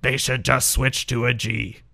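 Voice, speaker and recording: A man voicing a surly, smug male football fan in a low, gravelly put-on voice. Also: flat delivery, measured pace, bright, forceful tone, no echo, studio quality, exaggerated voice. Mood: sour smug.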